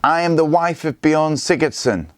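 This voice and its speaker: A man's voice: animated, normal speed, no room sound, close to an everyday voice. Male reader raising his voice for a fierce Viking mother in a storybook, proud and defiant, dry sound. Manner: raised pitch, proud, fierce.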